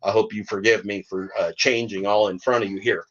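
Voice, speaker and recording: A man's voice: fairly low pitch, fairly even intonation, fairly bright tone. Fiery rambling older man, lo-fi. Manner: fiery, rambling, sarcastic, slow emphatic reading. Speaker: podcast host. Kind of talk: reading aloud and ranting.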